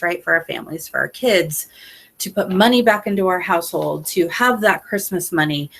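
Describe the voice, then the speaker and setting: A young woman who works as an independent sales consultant gives her sales team a casual pep talk in a lowish, fairly bright voice. She's chatty and uses lots of fillers, sounding earnest and openly emotional.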